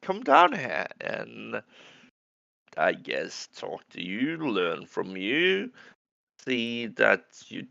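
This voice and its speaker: Slow halting gravelly guy, tabletop player, lively pitch, muffled mic. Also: no room sound. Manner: hesitant, lots of uh and pauses. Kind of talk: tabletop role-play.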